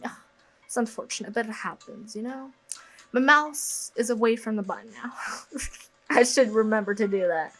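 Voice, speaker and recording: A woman's voice: on the high side, fairly bright tone, low-quality recording. A woman reading a story game aloud and chatting between lines, giggling and joking at her own asides. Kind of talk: casual let's-play commentary.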